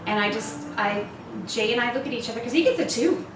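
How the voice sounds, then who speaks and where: Over a noisy crowd in a retreat meeting room, a woman in her fifties with a slightly high voice talks fast and candidly to a women's retreat. She laughs a lot and jokes at her own expense, and the audio is echoey and picked up from a distant mic.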